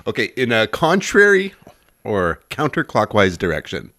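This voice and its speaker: A man's voice: mid-range voice, huge pitch swings, measured pace, bright, forceful tone, no room sound, clean studio sound. A man co-hosting a casual podcast, quizzing his partner on odd words, laughing often and spelling words out. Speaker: podcast co-host quizzing on word meanings.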